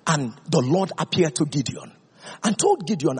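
A man preaching a sermon, reading scripture aloud in a dramatic, declamatory way that swings high and low. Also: big pitch swings, moderate pace, husky, in a large hall.

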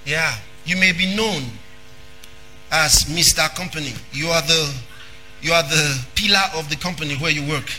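A man preaching a sermon. He is emphatic, repeats phrases, and breaks into shouting. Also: a little high, normal speed, music in the background.

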